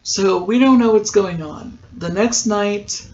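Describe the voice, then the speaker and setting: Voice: mid-range voice, slow pace, a little mellow. Chatty podcaster on dull lo-fi audio. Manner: chatty, rambling, frequent ums and likes. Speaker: podcast host. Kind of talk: casual episode recap. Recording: dull lo-fi sound.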